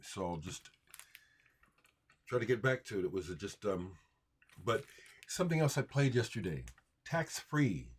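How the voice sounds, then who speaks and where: A man hosting a casual livestream, rambling about records and answering viewer comments out loud. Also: on the low side, very animated, a little slow, pauses often, slightly rough. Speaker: livestream host showing records.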